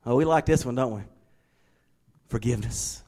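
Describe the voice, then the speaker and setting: A middle-aged man preaching a sermon, shifting from quiet, conversational storytelling to emphatic declarations. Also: medium pitch, moderate pace. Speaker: pastor.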